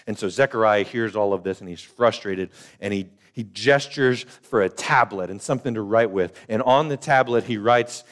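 An older man gives a sermon in a low, easy voice. He talks to the congregation conversationally, repeats phrases for emphasis and slips into the voices of the people in his story. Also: normal speed, hardly any pauses. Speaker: pastor.

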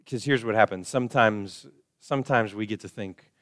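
A male pastor preaching a sermon, swinging from quiet, slow passages to loud, high emphasis and acting out quoted voices. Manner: acts out quoted voices of the congregation. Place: church.

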